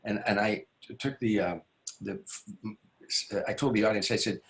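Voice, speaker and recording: With a lowish, steady voice, moderate pace and some vocal fry, a stand-up comedian appearing as an interview guest spins a lengthy showbiz anecdote. He wanders, restarts sentences, throws in asides, and impersonates the story's characters.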